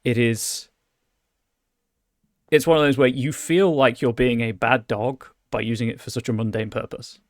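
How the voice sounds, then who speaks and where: A man's voice: mid-range voice, fairly even intonation, normal speed, no room sound, clean studio sound. A man running a tabletop game as game master, describing scenes with many restarts and fillers.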